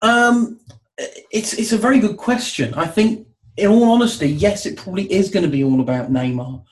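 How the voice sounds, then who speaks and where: A man's voice: high voice, moderate pace, low-quality recording. A man discussing football on a podcast who rambles and thinks aloud, with many fillers. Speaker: football pundit.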